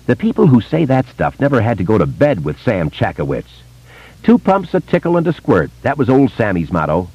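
A man voicing a brash, profane, warm-hearted wealthy woman who talks excitably and swears freely. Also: mid-range voice, normal speed, slightly rough, no echo, pitched above the performer's own voice. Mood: scornful. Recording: dull lo-fi audiobook recording.

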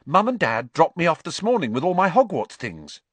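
A man's voice: a little high, big pitch swings, moderate pace, fairly bright tone, husky, no echo, pitched above the performer's own voice, exaggerated voice. A man voicing an earnest, bossy teenage girl who speaks in a serious, precise and slightly superior way.

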